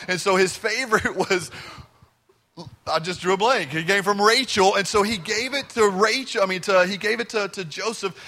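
Man, pastor, sermon, bright tone, conversational and joking. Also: high-pitched. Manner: conversational preaching with humor. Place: church sanctuary.

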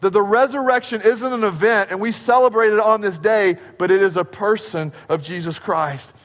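A man preaching a sermon as pastor, emphatic, slowing right down to stress key phrases and asking the congregation questions. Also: sits high. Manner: asks the congregation rhetorical questions. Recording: long reverb of a large hall.

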